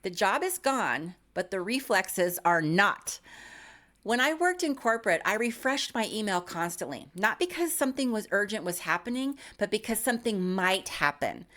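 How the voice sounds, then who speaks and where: A woman in her fifties delivers a scripted comedic monologue in a middle-pitched voice. She is wry and self-mocking, landing dry punchlines about her own habits. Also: big pitch swings, normal speed, a bit bright. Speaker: YouTube creator.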